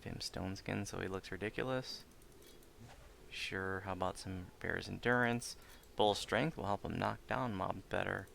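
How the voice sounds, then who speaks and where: A man's voice: deep voice, measured pace, gravelly. A man casually narrating his own moves in let's play commentary. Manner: casual, chatty, self-narrating. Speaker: gaming video creator. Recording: steady background noise.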